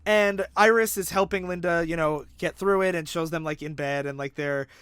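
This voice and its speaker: Man, high voice, dry close sound, casual comic podcast chat. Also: normal speed, clean tone, dry recording. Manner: animated recapping, swears casually. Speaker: podcast co-host. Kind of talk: casual comic book discussion.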